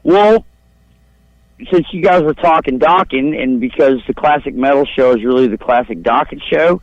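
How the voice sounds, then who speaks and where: A male caller rings into a talk show and spins a long, crude, profane story, rambling and bragging along the way. His voice is mid-range at a moderate pace, carried over a dull, lo-fi line with no echo or room sound at all.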